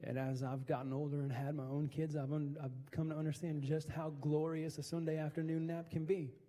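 High-voiced man preaching in a reverberant hall. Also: little pitch movement, a little fast, mellow. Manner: preaching with rising, emphatic repetition. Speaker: pastor. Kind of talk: sermon.

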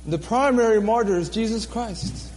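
A man's voice: high voice, normal speed, a little mellow, in a large hall, slight background noise. A man preaching a sermon, telling his own story earnestly, repeating phrases for emphasis and laughing at himself. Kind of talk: sermon testimony.

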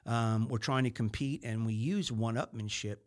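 A man hosting a talk show on sales, talking casually and rambling, with many fillers and restarts. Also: medium pitch. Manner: mimics other voices in quick snippets. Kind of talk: casual monologue.

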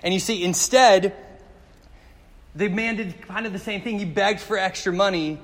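A man's voice: high-pitched, fairly even intonation, normal speed, a bit bright, in a large hall. A male pastor giving a sermon in a conversational, storytelling way with jokes.

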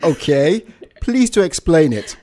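A man's voice: a little high, very animated, measured pace, dark tone. A man from Nigeria, hosting a podcast in a playful, teasing way. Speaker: podcast host. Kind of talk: casual podcast conversation.

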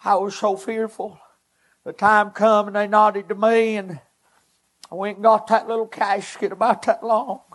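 A man delivers a personal testimony from the pulpit. His voice sits very high for a man. He speaks in earnest, halting, short phrases. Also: flat delivery, fairly bright tone. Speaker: preacher giving a personal testimony. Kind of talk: emotional testimony sermon.

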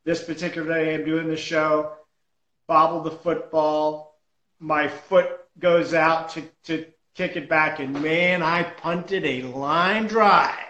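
A man telling a story about his juggling days in a lively, self-deprecating way. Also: a little high, takes it slowly, roomy sound, muffled recording. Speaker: juggler and comedy performer. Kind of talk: casual storytelling chat.

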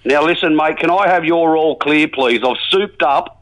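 A man's voice: on the high side, moderate pace, fairly bright tone, natural voice, rough recording. A man playing a folksy, matey rural bloke with an Australian accent, phoning in to a comedy radio sketch. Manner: rambling, folksy, jokey. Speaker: regular caller.

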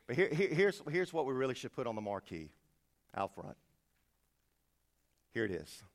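A middle-aged pastor preaching a sermon, conversational, swinging from hushed to loud and emphatic. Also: male voice, mid-range voice, sing-song, moderate pace. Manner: conversational, with repeated words and asides.

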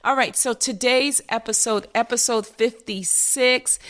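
A woman's voice: mid-range voice, measured pace. A woman mental health therapist hosting a motivational podcast, speaking emphatically, repeating key phrases and calling her listeners "my friends.".

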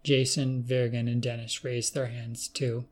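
A man narrating a first-person story in a measured, plain storytelling manner. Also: medium pitch, level tone.

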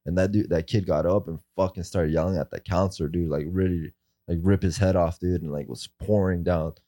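A man's voice: low-pitched, fairly even intonation, brisk, dark tone, no room sound. A man telling a story in casual chat, rambling with many fillers and swearing.

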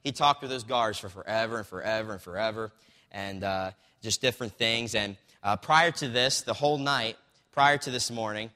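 At a moderate pace, a man with a sharp, lowish voice recounts a story during a sermon, reading passages from a book. He speaks loosely, stumbling through fillers and restarts, and the hall adds a long reverb.

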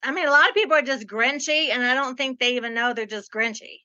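A woman hosting a casual chat, telling stories in an animated, chatty way. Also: sits high, fast talker, highs cut off. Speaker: podcast host.

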